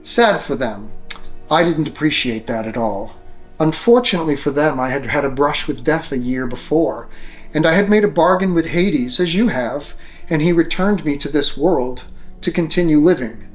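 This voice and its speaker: A man voicing an arrogant, ancient vampire noblewoman who rules a castle, speaking slowly and condescendingly. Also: on the high side, expressive, faint music behind, natural voice. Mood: haughty. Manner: slow, haughty, condescending.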